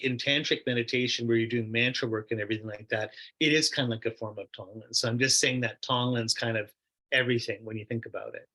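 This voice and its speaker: A middle-aged man, a Buddhist meditation teacher, telling a story in a relaxed, rambling way with many fillers and quoted asides during a question-and-answer discussion. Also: mid-range voice, rough recording.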